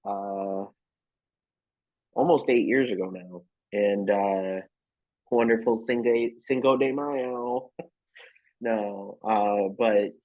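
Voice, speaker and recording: A man chatting as a podcast guest, telling rambling stories with lots of fillers and frequent laughs. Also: on the low side. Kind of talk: casual storytelling chat. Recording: muffled lo-fi podcast audio.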